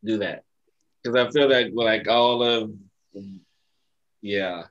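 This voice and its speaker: A man in a casual spiritual chat, speaking haltingly as he searches for words. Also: lowish voice, a bit bright, dull audio.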